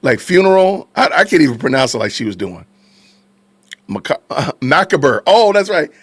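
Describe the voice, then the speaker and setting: Animated man hosting a live stream. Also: medium pitch, a little fast, husky, dry recording. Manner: animated, reacting to chat, laughing, repeating phrases. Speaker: podcast host. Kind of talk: casual live-stream commentary.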